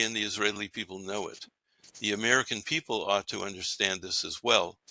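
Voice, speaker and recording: Male host, scripted commentary, emphatic; low voice, bone-dry close sound. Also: creaky, sharp tone, dry recording, rough recording. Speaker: podcast host. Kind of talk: read-aloud scripted commentary.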